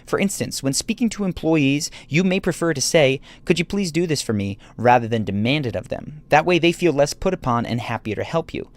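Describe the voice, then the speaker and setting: A man doing scripted narration for a video essay, explaining points in a measured, analytical way. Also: fairly high pitch, lively intonation, no room sound.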